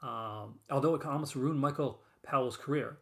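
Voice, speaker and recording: A man with a creaky, slightly bright mid-range voice hosts a horror film collecting show over a casual stream. Speaking at a moderate pace, he wanders through chat with viewers, stumbling into fillers and restarts.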